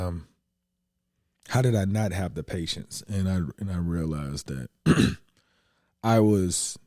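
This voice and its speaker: A man thinking aloud candidly in a casual conversation, with many pauses and fillers. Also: low voice, dark tone, no room sound, clean studio sound. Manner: candid, searching, with frequent fillers.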